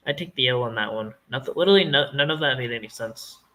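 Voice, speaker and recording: A man with a Canadian accent talks in a bright, forward voice. He rambles loosely and jokes, swearing freely as he goes. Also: mid-range voice, lively intonation, fast, low-quality recording. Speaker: streamer. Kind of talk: casual chat.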